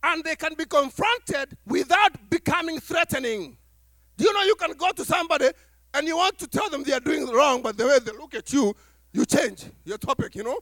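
Speaking at a normal speed in a very high register, a man delivers a sermon to his church, playing out little conversations and chuckling throughout. The studio sound is clean and free of room echo.

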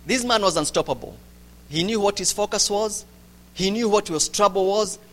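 A man preaching a sermon, swinging from loud urgency to hushed quiet. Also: sits high, normal speed.

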